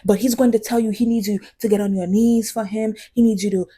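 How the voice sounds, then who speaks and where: Husky woman ranting passionately on her vlog, gets real quiet for emphasis. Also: mid-range voice, fairly even intonation, fast talker. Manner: passionate, emphatic, drops to near whispers for emphasis. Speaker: vlogger. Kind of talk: casual commentary to camera.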